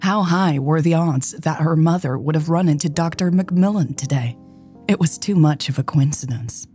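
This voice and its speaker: A woman hosting a romance podcast and reading a story in a calm, measured way. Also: sits low, faint music behind. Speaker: podcast host and narrator. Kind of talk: audiobook story narration.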